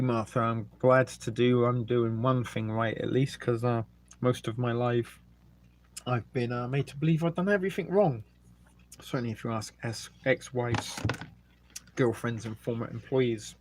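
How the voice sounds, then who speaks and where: A middle-aged man with an English accent chats loosely through a long live stream at an ordinary pitch. His talk is rambling and jokey, full of ums. He pauses to eat, and a faint hiss of noise sits under the voice. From England. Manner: rambling and jokey, with many ums, eating and burping between remarks. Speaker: livestream host. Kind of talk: casual live-stream chat reading viewer comments.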